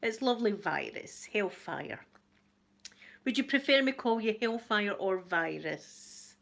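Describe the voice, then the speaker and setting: A woman's voice: mid-range voice, big pitch swings, a little slow, gravelly, a bit bright. Scottish lady chatting away on her live stream, says hi to everyone, laughs a lot. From Scotland. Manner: chatty, greets viewers by name, laughs often. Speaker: YouTube channel host. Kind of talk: casual live-stream chat.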